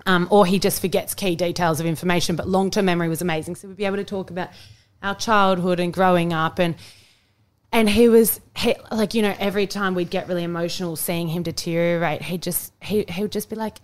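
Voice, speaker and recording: A young Australian woman co-hosting a podcast, chatting openly and emotionally. Her voice sits a little low, and her speech comes in loose bursts full of fillers and restarts. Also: steady tone, fast talker. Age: young adult. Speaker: podcast co-host. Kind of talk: casual chat.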